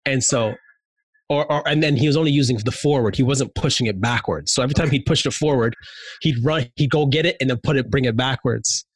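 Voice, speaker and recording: A man telling stories in casual chat, animated and slangy, with many fillers. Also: mid-range voice, brisk, slightly rough, no room sound.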